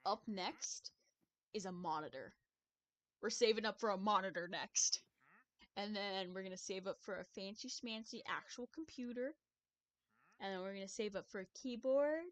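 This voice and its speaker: Excitable young woman streamer, rambling. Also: medium pitch. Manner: excitable, rambling, swears often, stumbles over words. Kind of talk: casual live-stream chat.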